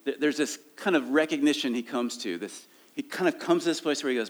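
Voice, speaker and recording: A man's voice: mid-range voice, animated, brisk, hardly any pauses. A middle-aged man preaching a sermon in an easygoing, conversational tone. He drifts from careful scripture reading into casual asides and self-aware dad jokes, and his voice rises and falls with emotion. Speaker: pastor.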